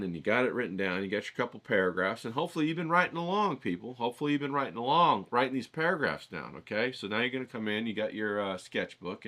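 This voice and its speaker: Brief: casual male vlog host, bright and forward tone, profane, chatty teaching style. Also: on the low side. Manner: rambling, profane, keeps checking in with "okay?". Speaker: writing challenge host. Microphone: filtered through a voice isolator.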